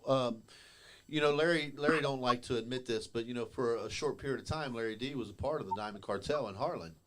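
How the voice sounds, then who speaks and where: A man's voice: medium pitch, fairly quick. Drawling man, faint hiss. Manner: drawling, laughs often, trails off quietly. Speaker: former wrestler, podcast host. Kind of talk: casual storytelling chat.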